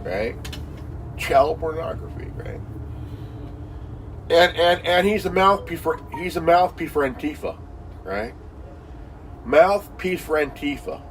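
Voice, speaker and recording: Man, rant casual, profane; high voice, slow delivery, full of repetition and filler words. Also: far from the mic, slight background noise, low-quality recording. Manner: repetitive, heavy fillers like "you know" and "man"; crude, swearing, insulting.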